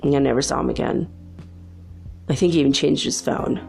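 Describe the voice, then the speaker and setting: A woman's voice: extremely low pitch, steady tone, a little fast, creaky, a little mellow, faint music behind. A woman hosting her own channel, telling a personal story in a casual, rambling way, correcting herself often and confiding earnestly. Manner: rambling, self-correcting, many fillers. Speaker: channel host.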